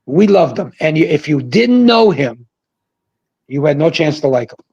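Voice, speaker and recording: An older man, a former pro bowler, telling rambling, animated stories over a video call and shouting out the quoted lines. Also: on the high side, moderate pace, husky, no room sound, lo-fi sound. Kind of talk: casual storytelling on a livestream. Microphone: video call mic.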